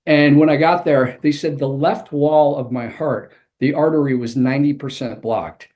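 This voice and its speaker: Male interview guest, author and coach, slightly high voice, vivid storyteller. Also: fairly even intonation, normal speed, a little mellow.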